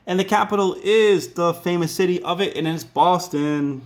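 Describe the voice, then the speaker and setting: Man, rhode island accent, high-pitched, teacher, casual lesson, joking asides. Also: normal speed.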